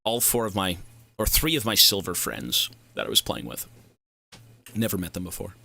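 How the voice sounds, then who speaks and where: A man's voice: low-pitched, big pitch swings, moderate pace, vocal fry, pushed and bright. A young man streaming a game, chatting casually in long, profane, rambling tangents. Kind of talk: casual livestream chat.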